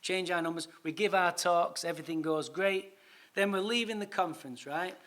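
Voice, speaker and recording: A man giving a recovery talk at a conference, telling a story with lively acted-out dialogue and casual swearing. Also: high voice, moderate pace. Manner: animated, swearing, acts out his own dialogue. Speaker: recovery speaker.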